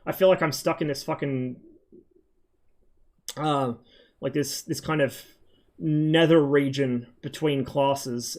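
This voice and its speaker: A man in his thirties from Australia, chatting loosely with viewers on a game stream, rambling and swearing a lot. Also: medium pitch. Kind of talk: casual chat on a game stream.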